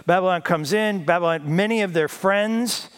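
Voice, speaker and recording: High-voiced male pastor preaching. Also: moderate pace, clear, resonant tone. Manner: conversational, self-deprecating humor. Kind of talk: sermon.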